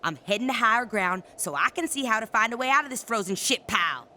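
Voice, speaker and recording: A woman voices a hard-bitten outlaw woman who curses freely and speaks bluntly. Her voice sits fairly high and swings widely in pitch, with a bright, sharp edge. She sounds like a figure in a gritty frontier audio drama. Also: expressive, fast talker. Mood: scornful. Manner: coarse, cursing, blunt. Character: tough foul-mouthed female outlaw.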